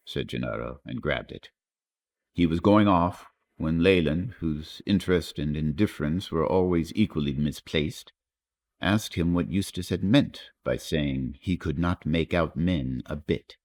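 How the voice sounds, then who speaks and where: A male audiobook narrator reads a classic tale in a measured, literary way. His voice is very low and deep. The delivery is steady and scripted.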